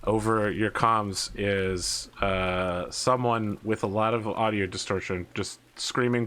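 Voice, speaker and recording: A man's voice: fairly low pitch, steady tone, slow pace, hardly any pauses, a bit bright, smooth. A man narrating and running a tabletop wargame as game master, laid-back and thinking aloud.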